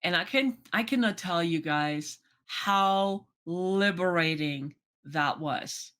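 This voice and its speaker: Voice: mid-range voice, slow pace, clean tone. A life coach talking casually to a vlog audience, chatty and full of "you know" and "right?", acting out remembered conversations. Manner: acts out remembered conversations in lively voices. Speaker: life coach and channel host.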